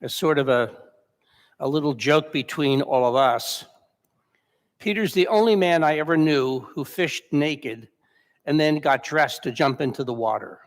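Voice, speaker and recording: A man's voice: a little high, measured pace. A male pastor giving a sermon in a church, telling the story in a conversational way and correcting himself as he goes. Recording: long church reverb.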